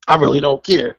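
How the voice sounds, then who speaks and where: Co-host type: high-pitched New man, animated and blunt, acts out quotes, dry close mic. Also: husky, no echo, poor audio. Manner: blunt, profane, laughs often. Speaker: podcast co-host. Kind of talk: casual chat, storytelling.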